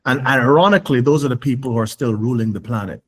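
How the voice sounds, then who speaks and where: In an interview conversation, a man appears as a guest, speaking at a quick pace in a medium-pitched voice. He is emphatic and insistent, often repeating words to press his point, and acts out imagined questions in a raised voice.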